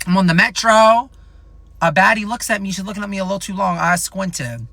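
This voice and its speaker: A young man in his twenties telling a casual storytime vlog in an animated, profane, rambling way. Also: high voice, brisk, gravelly, no echo. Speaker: content creator.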